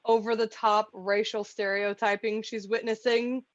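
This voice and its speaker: A woman's voice: mid-range voice, flat delivery, moderate pace, no room sound. A woman co-hosting a podcast, recapping in casual chat with frequent swearing and laughter. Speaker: podcast co-host. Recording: dull lo-fi podcast audio.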